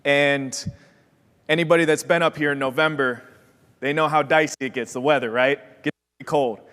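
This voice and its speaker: In a big hall full of long reverb, a young adult from Wisconsin, USA shares his story as a motivational keynote speaker. He acts out quoted voices with energy, and his slightly higher-than-average male voice is clean in tone at normal speed.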